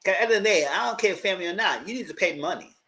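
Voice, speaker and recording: A man giving casual live commentary on reality TV, animated and sassy, often jumping into a high exaggerated voice. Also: very fast, rough recording. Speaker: YouTube TV commentator.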